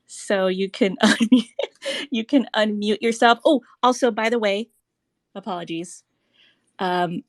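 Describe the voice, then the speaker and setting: A young woman hosts a loose live audio chat show. She laughs often and swears freely. Her voice sits at a middle pitch, and the sound is dry and close. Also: dry recording. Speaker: podcast host.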